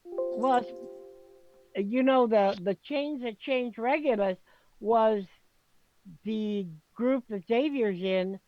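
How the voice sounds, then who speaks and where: A woman's voice: fairly high pitch, slow pace, long pauses, no room sound, dull audio, faint music behind. A woman playing a tabletop role-playing game, chatting casually and rambling through explanations. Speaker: player.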